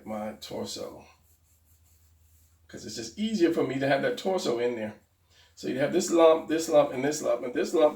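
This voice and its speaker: Gravelly man rambling through a drawing lesson. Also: medium pitch, darkish tone, recorded from a distance. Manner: rambling, self-correcting, talks to himself while drawing. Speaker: drawing tutorial host. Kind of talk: casual drawing instruction. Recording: roomy, off-mic sound.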